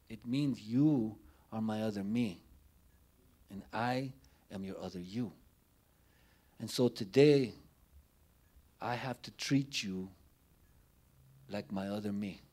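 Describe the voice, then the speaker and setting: A man addresses a forum audience in an unhurried, deliberate storytelling voice. His tone is low and mellow, and he lets his phrases settle with pauses between them. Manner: slow, measured storytelling with pauses. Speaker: forum panelist. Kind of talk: public talk to an audience.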